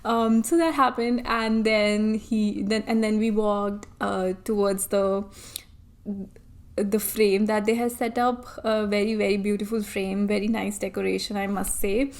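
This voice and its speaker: A young woman vlogger casually retelling a personal story, animated, acting out her own reactions in quotes. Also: mid-range voice, unhurried. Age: young adult.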